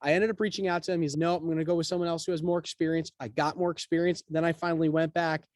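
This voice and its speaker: Man, podcast guest, rapid animated storytelling, acted-out quotes, dry studio mic. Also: a little high, no echo. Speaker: guest, real estate broker. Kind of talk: casual storytelling interview.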